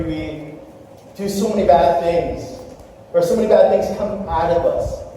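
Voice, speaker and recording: A man preaching a sermon as pastor, telling stories and talking to his congregation with animated asides. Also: sits high, a little hiss or hum. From Canada. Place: church sanctuary. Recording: echoey hall from far off.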